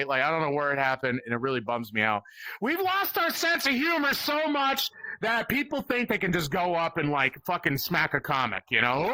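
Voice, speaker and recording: A man's voice: a little high, bright, forceful tone, no echo. A man doing a crude, rambling stand-up comedy set, often laughing at his own jokes. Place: virtual comedy club stage.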